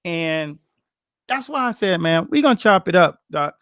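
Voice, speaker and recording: A high-voiced man trades boxing stories in a casual chat, bouncing between his own voice and the voices of the people he quotes. The sound is dry and close, with no room around him. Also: normal speed, clean tone, dry recording. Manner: animated, slangy, acts out quotes with grunts and laughs. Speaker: boxing coach telling stories.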